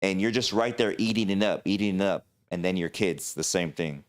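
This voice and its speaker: A man's voice: sits low, fairly quick. A man hosting a livestream talk show, ranting with passion and filling his talk with "you know.".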